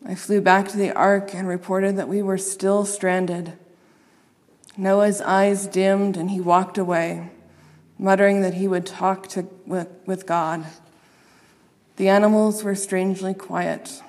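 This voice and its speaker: A woman reading a children's story aloud, expressive and playing up the sound words. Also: medium pitch, takes it slowly, long reverb tail.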